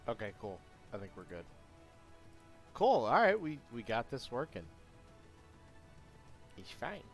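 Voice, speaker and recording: A man live-streaming his game programming, chatting casually and talking to himself, with sudden excited outbursts. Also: medium pitch, moderate pace, faint music behind. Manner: rambling, self-talk with sudden excited outbursts. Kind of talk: casual live-stream chat while coding.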